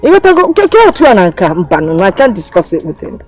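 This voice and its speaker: An actress with a Nigerian accent playing a sharp-tongued, indignant wife in a family feud. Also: female voice, medium pitch, wildly swooping pitch, quick pace, faint music behind. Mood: weary. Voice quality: indignant, insulting. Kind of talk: Nollywood film acting.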